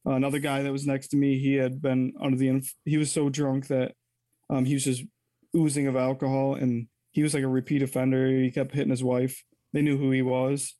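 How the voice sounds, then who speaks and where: A man's voice: medium pitch, completely flat delivery, brisk, mellow, no echo. A man telling a personal story as an interview guest, candid and rambling, often correcting himself mid-sentence.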